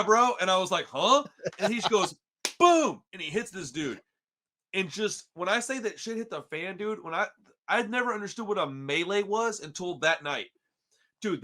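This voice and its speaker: A podcast co-host from Texas with a bright, forceful, fairly high voice spins a story in laid-back chat. He's animated and slangy and leans on "dude" and "bro" constantly.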